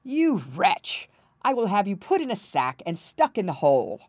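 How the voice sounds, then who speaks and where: A woman's voice: fairly high pitch, a little slow, dry recording, studio quality, pitched above the performer's own voice, natural voice. A woman voicing a hot-tempered, pompous old king in a storybook reading, blustering and bellowing. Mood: raging.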